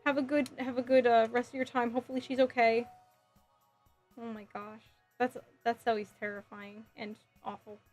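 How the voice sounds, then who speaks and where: While live streaming her model kit build, a woman giggles and sasses playfully in response to viewer messages. Her fairly high voice is level and darkish in tone at a normal speed, with soft music in the background.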